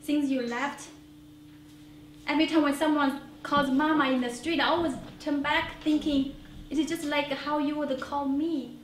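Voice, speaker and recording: A woman playing a tender, apologetic mother, speaking with gentle, heartfelt pleading on a small theater stage. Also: high voice, steady tone, moderate pace, close to an everyday voice. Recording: roomy theater, distant mic, faint hiss.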